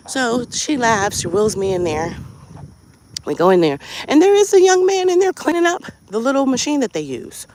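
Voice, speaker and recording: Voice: medium pitch, brisk, a little hiss or hum. A podcast host telling a story in a casual monologue, swearing freely and firing off rhetorical questions. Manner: profane, animated, rhetorical questions. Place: outdoors on a walk.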